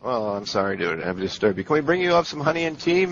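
Deadpan fake hotel manager on the phone. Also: male voice, medium pitch, fast. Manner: smooth, falsely soothing, deadpan. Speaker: prank caller posing as hotel manager. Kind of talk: prank phone call. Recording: lo-fi phone line with faint hiss.

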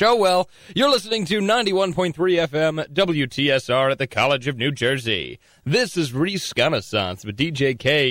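A young man talks loosely into a dead-dry studio microphone, the way a college radio DJ fills the air between tracks. He rambles a little and amuses himself as he goes, at an even, middling pitch. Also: no echo. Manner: rambling, chatty, self-amused. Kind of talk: casual radio chat between songs.

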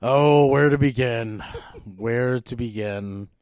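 A man's voice: medium pitch, slow pace, no echo. Ranting podcast guy, dry mic. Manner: animated, exasperated ranting with frequent fillers. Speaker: podcast co-host. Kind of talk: casual movie-rant chat.

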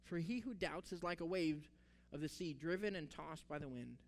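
A man's voice: a little high, normal speed, soft background music. A man preaching a sermon, telling the story with animation and acting out the characters' words. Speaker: pastor.

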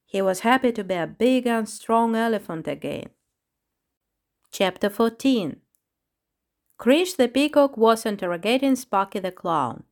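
A woman narrating a children's storybook in a measured, unhurried reading voice. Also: a little high, expressive.

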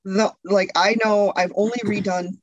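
A woman's voice: mid-range voice, fairly even intonation, moderate pace, dry recording, highs cut off. A woman being interviewed as a video creator, chatting candidly with frequent laughs and lots of restarts.

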